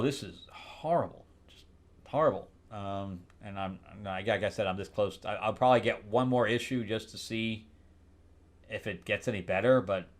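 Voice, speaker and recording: A man hosting a casual comic book recap, sarcastic and rambling, with many restarts. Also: on the low side.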